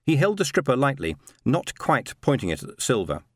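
A man narrating a science fiction story in a steady, measured reading. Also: medium pitch, breathy edge, dry recording, studio quality. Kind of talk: audiobook narration.

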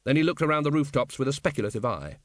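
A man narrating an audiobook with lively, expressive storytelling. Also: medium pitch, fast, no echo, clean studio sound.

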